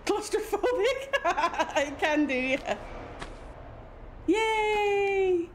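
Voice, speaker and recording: A woman, chatting casually and excitably while streaming a game. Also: very high-pitched, drawn-out words. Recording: noisy background.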